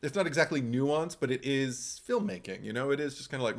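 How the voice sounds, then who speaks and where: A man co-hosting a podcast in casual film talk, animated, acting out his own reactions in quoted asides and laughing often. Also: medium pitch, a little fast. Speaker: podcast co-host.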